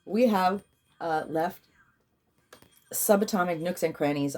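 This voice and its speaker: A woman's voice: on the low side, slow, pauses often, darkish tone. A woman leading a guided healing session, chanting affirmations and commanding prayers, yawning at times. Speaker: spiritual healer and card reader.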